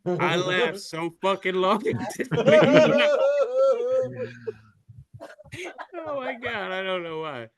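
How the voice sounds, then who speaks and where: A man's voice: sits high, expressive, very slow, long pauses, over a noisy crowd. A man co-hosting a podcast, reading memes aloud in casual chat, swearing freely and voicing the quotes. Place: studio.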